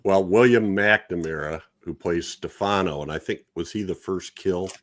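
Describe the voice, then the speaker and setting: A man co-hosting a horror film podcast, easygoing and hesitant, often trailing off with fillers. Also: deep voice. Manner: easygoing, hesitant, quick to laugh. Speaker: podcast co-host. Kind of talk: casual film review chat.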